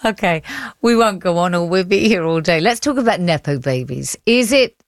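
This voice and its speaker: A woman from India presenting an arts radio show, lively and conversational. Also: fairly low pitch, normal speed, dry recording, studio quality. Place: radio studio.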